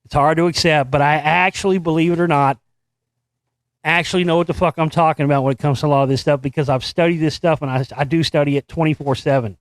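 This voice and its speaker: A man's voice: fairly high pitch, fairly even intonation, fast, no echo. A male show host who swears freely and reads a news article aloud with sarcastic, mocking asides. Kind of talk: profane political commentary and article reading.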